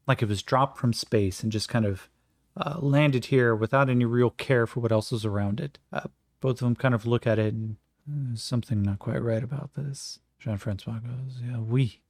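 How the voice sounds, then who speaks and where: A man's voice: mid-range voice, creaky, darkish tone, no echo. A man narrating and rolling dice for his own solo tabletop game in a casual, thinking-aloud way.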